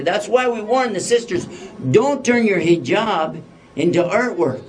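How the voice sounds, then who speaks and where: A man giving an Islamic lecture to a live audience, joking and putting questions to the listeners. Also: sits high. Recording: voice a bit distant from the mic.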